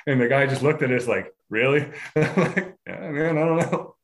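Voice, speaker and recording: A man spinning a hiking story for a podcast, loose and casual. He laughs often and slips into quick acted voices of the people in his tale. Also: medium pitch. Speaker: podcast guest.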